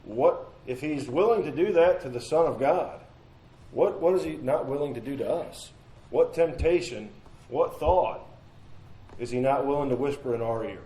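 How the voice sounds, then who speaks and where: A man's voice: medium pitch, normal speed, mellow, echoey room, rough recording. A man teaching a midweek Bible study in an earnest, conversational way, repeating phrases and asking rhetorical questions, recorded in a church room.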